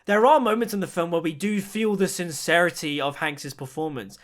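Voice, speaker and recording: Man, film review video, chatty, enthusiastic, high voice. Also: moderate pace.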